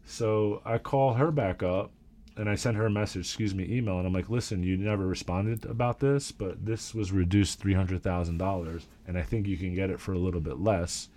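A man, a real estate agent, telling animated work stories in casual chat and swearing freely. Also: low voice, brisk.

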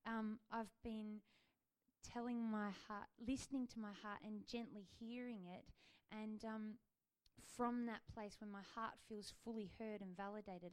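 A woman in her thirties sharing a personal faith testimony in a gentle, earnest way, with frequent ums and likes. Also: mid-range voice, fairly even intonation, normal speed, smooth.

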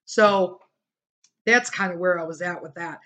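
A middle-aged woman hosting a podcast, telling a personal story casually and animatedly, acting out what other people said. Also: unhurried. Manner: animated, acts out quoted people with big pitch jumps. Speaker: podcast host.

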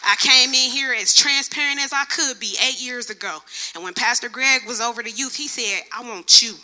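Young woman preaching a testimony sermon, high and very bright, animated storyteller. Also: normal speed. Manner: lively storytelling, acts out other people's voices. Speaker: church speaker.

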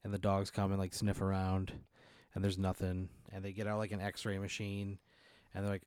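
A man's voice: deep voice, monotone, normal speed, a little mellow, clear, resonant tone, dry recording. A man casually telling an absurd, profane hypothetical story and putting on voices for its characters. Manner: spins an absurd scenario, puts on voices, profane. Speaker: podcast co-host posing a hypothetical.

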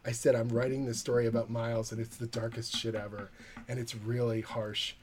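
A comic book writer tells a lively anecdote during a podcast interview, acting out the quoted dialogue. His mid-range voice moves fairly quickly, and there's noise in the background.

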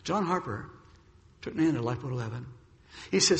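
A man's voice: mid-range voice, expressive, a little fast, gravelly, long pauses, big-room sound. A man preaching a sermon, telling a dramatic story and acting out what the characters say. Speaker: pastor.

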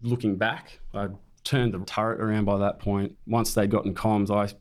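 A man's voice: lowish voice, flat delivery, moderate pace. A man, a military veteran, bluntly recounting a combat ambush in conversation and swearing freely.

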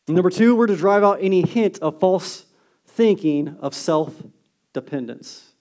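A man preaching a sermon as a pastor, earnest and emphatic, dropping to a hushed tone on key lines. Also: high-pitched, lively intonation, a little slow.

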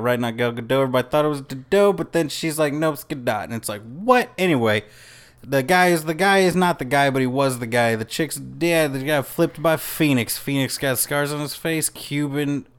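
Rambling joking podcast co-host, a man. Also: on the high side. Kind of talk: casual podcast chat.

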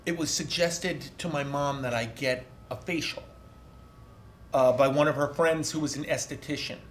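A middle-aged man chatting casually as a guest, telling animated stories, laughing often and swearing. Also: a little high, normal speed. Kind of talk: casual chat. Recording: roomy echo with background noise.

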